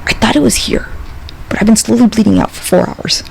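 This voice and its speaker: A foolish, dazed Roman general rambles about bleeding out, as a man puts him on in passing. The voice sits high and gravelly, with a faint hiss in the background. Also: a little fast, poor audio. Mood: rambling. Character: foolish wounded ancient male Roman general.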